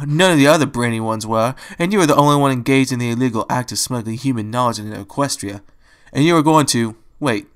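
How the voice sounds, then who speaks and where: A man's voice: mid-range voice, fairly bright tone, close to an everyday voice. A man voicing a cocky, chatty young male unicorn who teases his friend in a fan-fiction reading. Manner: teasing, chatty.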